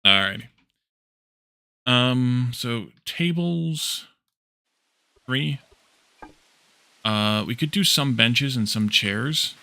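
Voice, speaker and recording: Extremely slow and smooth, with long pauses, a medium-pitched man chats casually on a building-game stream. He muses aloud while crafting and responds to what viewers write in chat, staying relaxed throughout.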